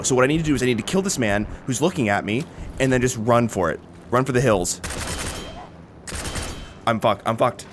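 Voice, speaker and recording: A young man talks over his own shooter gameplay in a lively, swinging voice, dry and sarcastic one moment and yelping high in panic the next. He swears freely. Faint game noise sits underneath him. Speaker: gaming commentator. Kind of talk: live gameplay commentary.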